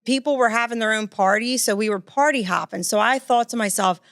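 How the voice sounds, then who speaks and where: A woman's voice: a little high, brisk, fairly bright tone, no room sound, studio quality. A woman, a comedian guest telling stories in casual podcast chat. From Philadelphia. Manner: chatty storyteller.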